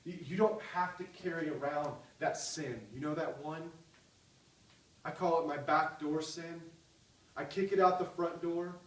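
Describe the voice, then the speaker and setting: Male pastor, higher voice, impassioned sermon, echoey hall, a little off the mic. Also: fairly even intonation, measured pace, far from the mic. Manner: impassioned, swinging from loud cries to soft pleading.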